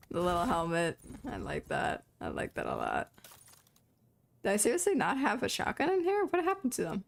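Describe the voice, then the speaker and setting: A woman's voice: mid-range voice, wildly swooping pitch, unhurried, creaky, pauses often, slight background noise. A young woman streamer commenting casually on a video game, exasperated, profane and laughing. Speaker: gaming streamer. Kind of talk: casual let's-play commentary.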